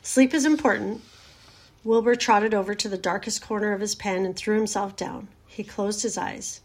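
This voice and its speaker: A woman reading a children's storybook aloud in a gentle, measured way. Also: mid-range voice, steady tone.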